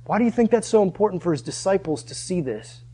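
A man preaching a relaxed, conversational sermon in a high, light voice. He tells the story with animated energy and keeps turning straight to his listeners to hold their attention. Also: fast talker, husky.

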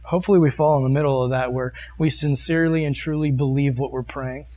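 A man's voice: medium pitch, steady tone, fast, dark tone. A man preaching an earnest, conversational sermon to a live audience, reading scripture verses and explaining them in plain talk. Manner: reads and comments on scripture verses. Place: meeting room with a live audience.

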